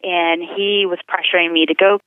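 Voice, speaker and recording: A woman's voice: lowish voice, steady tone, moderate pace, clean tone, dry recording. A woman earnestly telling her life story as a guest, calling in by telephone. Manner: earnest, vivid storytelling with acted quotes. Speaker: guest sharing a testimony. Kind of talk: personal testimony over the phone. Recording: tinny phone line, dry.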